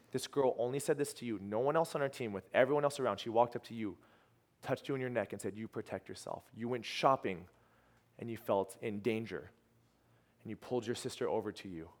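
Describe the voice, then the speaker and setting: A young man tells a church mission story in a loose, animated way. He jumps between quiet, hushed retellings and excited bursts, and he keeps restarting his sentences. His voice sits at an ordinary middle pitch. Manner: animated storyteller, quoting others, trailing restarts. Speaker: youth ministry team leader. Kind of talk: storytelling testimony.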